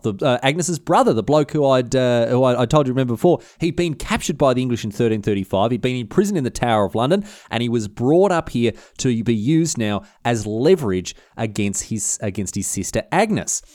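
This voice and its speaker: A man's voice: medium pitch, expressive, normal speed, a little mellow, no room sound, studio quality. A man, hosting a history podcast, telling the story in an irreverent, slangy way with casual swearing.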